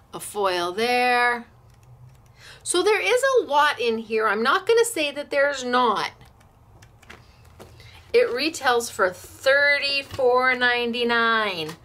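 A woman's voice: a little high, lively intonation, takes it slowly, pauses often, pushed and bright. A woman hosting a craft shop demo, chatting in a bubbly, gushing way and laughing often as she shows products. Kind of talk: live product demo chat.

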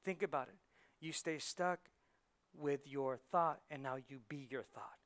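A man preaching a sermon as pastor, animated, asking the congregation questions and acting out the voices in people's heads. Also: fairly high pitch, a little slow. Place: church sanctuary.

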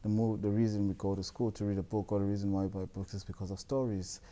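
A young man, a guest telling stories in a relaxed, rambling way with many fillers. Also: lowish voice, fast. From South Africa. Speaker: guest, jeans designer. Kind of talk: casual storytelling interview.

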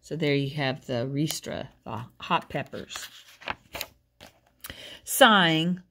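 A woman reading a picture book aloud, gentle and pointing out the pictures as she goes. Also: sits low, slow, background noise. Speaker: storyteller.

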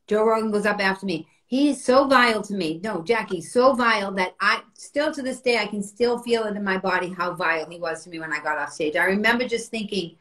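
A middle-aged woman comedian telling stories in casual podcast chat, animated and profane. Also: mid-range voice, a little fast, hardly any pauses, low-quality recording. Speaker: comedian guest.

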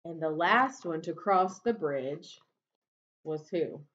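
Reading a children's story aloud, a woman with a low, breathy voice tells it slowly and expressively, pausing like a teacher to ask her young listeners questions. The recording sounds dull and lo-fi.

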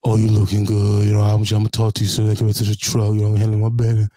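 A man putting on his younger self's deep, airy voice, sweet-talking a woman in a smooth, loud and quick way. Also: monotone, no room sound, clean studio sound, lightly acted. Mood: smooth flirting.

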